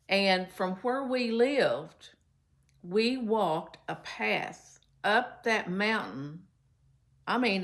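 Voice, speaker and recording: A woman from Kentucky, telling a chatty, folksy story to her viewers. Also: on the low side. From Kentucky, USA. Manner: folksy, chatty, warm storytelling with many fillers. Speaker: vlogger. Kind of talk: casual storytelling to camera.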